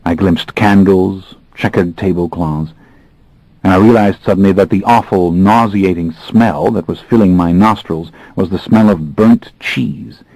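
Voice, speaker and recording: A man narrating an audiobook in the first person, with a brooding, measured delivery and expressive pacing. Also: low voice, no room sound, low-quality recording.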